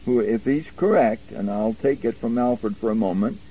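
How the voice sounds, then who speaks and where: A man teaching a verse-by-verse Bible lesson, stressing single words slowly and emphatically. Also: mid-range voice, mellow, husky, poor audio.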